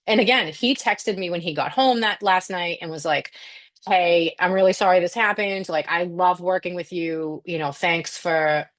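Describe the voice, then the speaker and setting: A woman's voice: on the low side, normal speed, a bit bright. A young woman, a nurse, chatting casually on a podcast, telling stories animatedly, laughing often and swearing freely. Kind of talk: casual chat.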